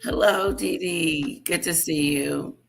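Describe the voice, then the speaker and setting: A woman's voice: deep voice, slow, gravelly, soft background music. A woman hosting a casual livestream, chatting to viewers and repeating greetings to them. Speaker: livestream host. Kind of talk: casual live-stream chat.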